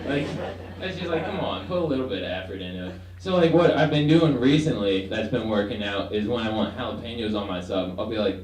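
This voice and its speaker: A man's voice: on the low side, animated, fast talker, few pauses, a little mellow. Rambling young man doing stand-up. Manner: rambling, hesitant, acts out voices. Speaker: stand-up comedian. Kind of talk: stand-up set. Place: student comedy room with audience. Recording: echoey room, far from mic, faint noise.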